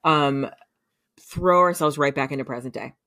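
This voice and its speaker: Very low-voiced woman recapping a show. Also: normal speed, pushed and bright, dry recording, studio quality. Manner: rambling, filler-heavy, laughs through the telling. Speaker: podcast co-host recapping a show. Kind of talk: casual storytelling recap.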